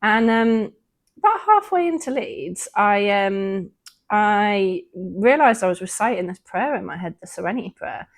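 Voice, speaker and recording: A woman's voice: mid-range voice, animated, a little slow. Earnest woman telling her story. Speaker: podcast co-host. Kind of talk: casual personal testimony.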